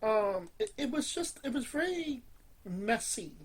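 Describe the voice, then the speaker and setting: A woman co-hosting a podcast, talking casually and hesitantly with many pauses and restarts. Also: a little high, very animated, slightly rough, rough recording. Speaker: podcast co-host. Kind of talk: casual wrestling chat.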